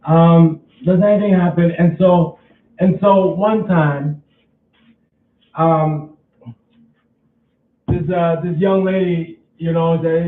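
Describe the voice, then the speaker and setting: A man's voice: on the high side, fairly even intonation, echoey room, recorded from a distance, narrow, tinny audio. A man casually vlogging at home, rambling and restarting his sentences as he talks through a chore. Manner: rambling, repeats himself, halting restarts.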